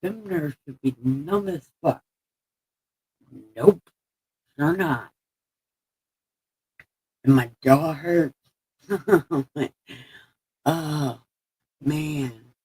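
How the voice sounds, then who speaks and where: A woman's voice: deep voice, extremely slow, pauses often, dark tone, breathy edge, rough recording. A woman live-streaming in casual chat, her speech slurred and lisping from a sore mouth with missing teeth, rambling, laughing at herself and swearing freely. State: sore mouth after having teeth pulled.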